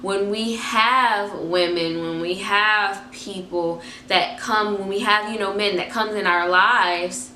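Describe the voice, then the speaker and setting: Bright-voiced young woman giving a pep talk. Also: mid-range voice, fairly even intonation, slow, few pauses, roomy sound, a little hiss or hum. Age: 20s. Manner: emphatic, repeats phrases for effect. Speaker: faith vlogger. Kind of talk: motivational talk to camera.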